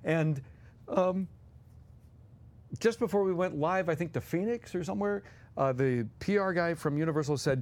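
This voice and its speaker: A man's voice: a little high, normal speed, pauses often, a little mellow. A man co-hosting as a guest, telling anecdotes animatedly and acting out quotes with laughs. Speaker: guest co-host.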